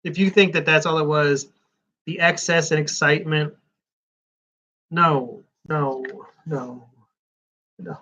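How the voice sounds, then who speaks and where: A man's voice: a little high, fairly even intonation, takes it slowly, pauses often, bright, forceful tone, lo-fi sound. A man giving rambling live-stream commentary while flipping through a comics preview magazine, with sarcastic asides.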